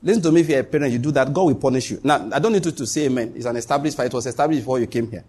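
A man's voice: mid-range voice, racing, a little mellow, breathy edge. A man preaching a sermon as pastor, emphatic, repeating his points and swinging his voice up and down.

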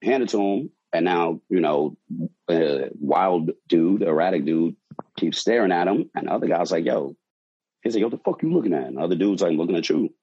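A man's voice: low-pitched, moderate pace, slightly rough, highs cut off. A man, a bartender, telling a wild story from his shift in a casual, profane way, acting out quotes. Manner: animated, profane, acts out quotes.

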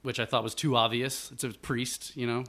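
A man from Buffalo, New York, telling a family story in casual chat as the guest, lively and rambling, acting out quotes along the way. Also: mid-range voice, moderate pace.

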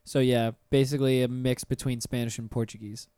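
A man's voice: medium pitch, flat delivery, brisk, mellow, clear, resonant tone, no echo. A young man hosting a podcast in casual chat, joking, slangy and swearing freely. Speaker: podcast host. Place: small podcast studio. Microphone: studio microphone.

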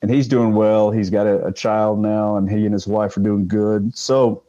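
Rambling older man, dark muffled voice. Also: on the low side, little pitch movement, moderate pace. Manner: rambling, with many fillers and restarts. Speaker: guest, retired police sergeant. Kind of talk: casual interview storytelling.

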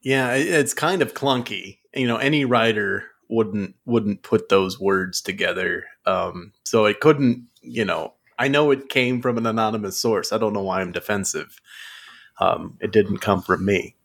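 A man co-hosting a casual comedy podcast, delivering mock-serious jokes in a deadpan way. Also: fairly low pitch, measured pace, creaky. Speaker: podcast co-host.

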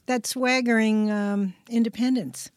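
A woman's voice: fairly high pitch, fairly even intonation, a little slow, dry recording, clean studio sound. An older woman guest talking about her writing on a podcast, reflective and rambling, often restarting her sentences. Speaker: guest author. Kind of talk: podcast interview.

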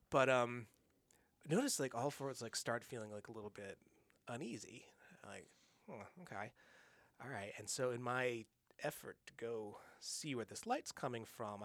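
A man's voice: mid-range voice, creaky, no echo. A man, a guest in a studio, telling a long story casually, with many fillers, restarts and quoted voices. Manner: rambling, animated anecdote with many fillers and restarts.

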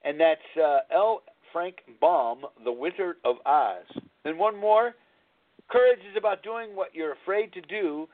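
A man's voice: high voice, a little slow. A man in his sixties hosting a live radio talk show, telling candid personal stories in a rambling way with frequent restarts. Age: 60s. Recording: tinny phone-line sound.

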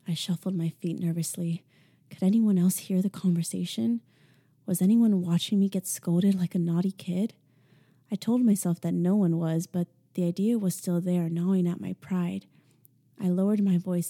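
Woman narrator for a first-person audiobook; measured, intimate, dark warm tone. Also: on the low side, steady tone, breathy edge.

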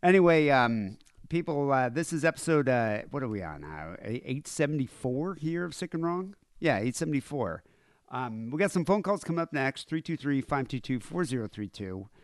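A man's voice: medium pitch, big pitch swings, normal speed, clear, resonant tone, no echo. Man, podcast host, casual rambling chat, fillers, dry close sound. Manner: rambling, filler-heavy, laughs easily.

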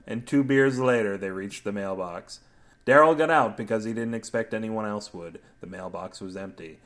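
A man's voice: lowish voice, normal speed, fairly bright tone. A man narrates a comic story on his own podcast, tossing off silly asides between scenes. His delivery is playful and loose. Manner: playful, absurd wordplay. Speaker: podcast host and story reader.

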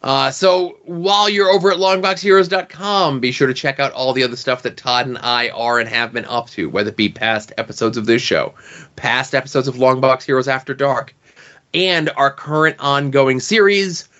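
A man's voice: mid-range voice, normal speed, fairly bright tone, highs cut off. Wry man plugging his podcast. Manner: wry, self-deprecating. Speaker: podcast co-host. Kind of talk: casual podcast chat and show plug.

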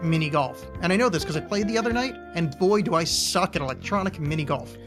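A man's voice: on the high side, fast, music in the background. A man hosting a podcast in casual chat, rambling, self-mocking and laughing often. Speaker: podcast host.

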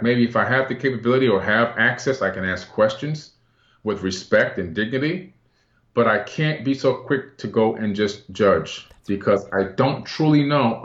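A man as a guest in a casual chat, speaking earnestly and reflectively with some halting restarts. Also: fairly low pitch, roomy sound, lo-fi sound.

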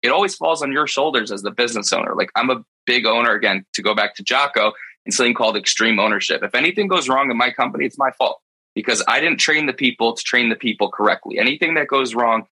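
Pet care business guy talking real candid in a roundtable, super bright voice, kinda husky. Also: medium pitch, lively intonation, poor audio. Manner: earnest, confessional, with quick bursts and restarts.

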